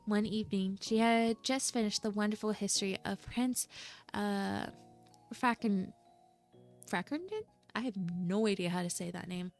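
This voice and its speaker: A woman reading a classic Christmas story aloud, steady, with small stumbles over names. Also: medium pitch, normal speed, soft background music. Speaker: storybook reader.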